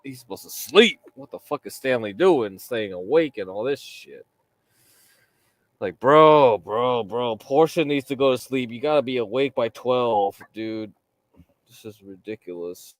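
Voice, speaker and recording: A man hosting a casual live chat with friends, laid-back and teasing, laughing loudly. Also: medium pitch, expressive, measured pace, no echo.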